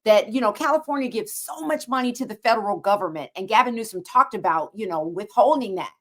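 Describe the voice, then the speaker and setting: A woman co-hosting a podcast in casual chat, expressive and indignant, cheering her partner on. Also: medium pitch, quick pace. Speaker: podcast co-host.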